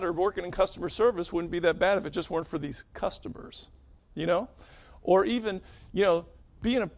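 A pastor from northeastern Pennsylvania preaching a sermon in a casual, conversational way, asking the congregation questions and stressing key words. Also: male voice, high voice.

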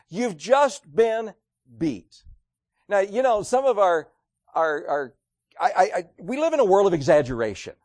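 A man preaching a sermon, animated and acting out quoted voices, swinging between loud and hushed. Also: sits high, no echo, clean studio sound.

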